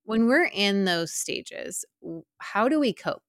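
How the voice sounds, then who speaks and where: A woman's voice: mid-range voice, animated, takes it slowly, dry recording, studio quality. A woman hosting a podcast, asking questions in a conversational, empathetic way. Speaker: podcast host. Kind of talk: interview questions.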